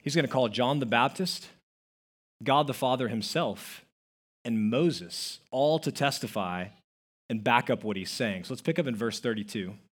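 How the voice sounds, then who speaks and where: Guy preaching, kinda husky voice, tells stories n acts out the quotes. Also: medium pitch, lively intonation, moderate pace. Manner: storytelling with acted-out quotes, emphatic. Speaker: pastor. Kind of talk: sermon.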